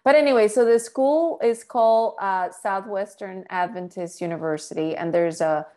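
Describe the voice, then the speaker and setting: Lively woman from Colombia, casual interview guest. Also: mid-range voice, moderate pace. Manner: lively, laughs easily, mixes in Spanish. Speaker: guest, entrepreneur.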